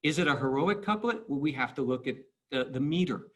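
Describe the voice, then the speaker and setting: A man teaching high school English in a recorded video lecture, explaining patiently and stressing syllables to show the rhythm. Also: lively intonation, a little fast. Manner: repeats words and restarts.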